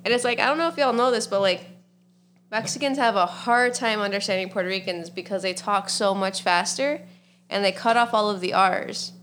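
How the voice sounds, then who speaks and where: A woman's voice: mid-range voice, fairly quick, fairly bright tone, slight background noise. A young adult woman co-hosting a podcast, chatty and laughing often as she tells a story. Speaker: podcast co-host. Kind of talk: casual chat.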